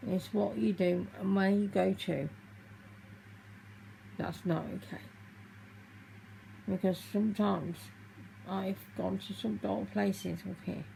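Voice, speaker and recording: A woman vlogging to camera, tearful and halting as she speaks openly about her feelings. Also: medium pitch, steady tone, creaky, mellow, slight background noise, poor audio. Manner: halting, emotional, confessional. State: tearful, crying. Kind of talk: personal vlog talking to camera.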